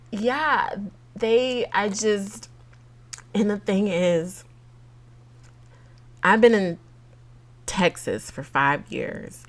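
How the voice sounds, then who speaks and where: A woman's voice: on the low side, fairly bright tone. A woman hosting a podcast, talking in a chatty, giggly and emotional way, with frequent laughs and fillers. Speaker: podcast host. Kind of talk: casual solo podcast monologue.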